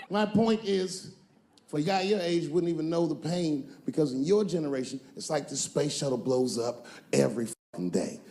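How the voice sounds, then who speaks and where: A man in his forties doing a brash stand-up routine, talking to a young audience member and shouting his punchlines. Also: on the high side, reverberant. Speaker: stand-up comedian. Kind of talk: stand-up routine addressing the crowd.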